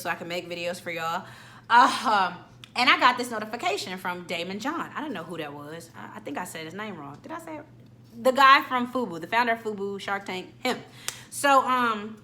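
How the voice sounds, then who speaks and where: A young woman talking straight to her followers in a casual motivational vlog. Her voice is bright and forward, and her storytelling is chatty and animated, full of casual slang. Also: medium pitch. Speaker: vlogger.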